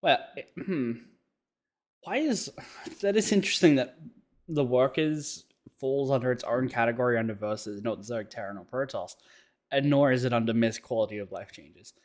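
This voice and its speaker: A man's voice: mid-range voice, moderate pace. Laid-back man in gaming chat. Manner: laid-back, pleading jokingly. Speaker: podcast co-host.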